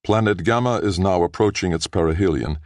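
A man voicing a ship's master computer in an audiobook, with a flat, bland delivery. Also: low voice, a little fast, no room sound, clean studio sound.

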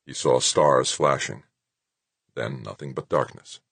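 A man reading a science fiction novel aloud in measured scripted narration, close to the mic. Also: very deep voice, creaky, fairly bright tone, husky, dry recording. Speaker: audiobook narrator.

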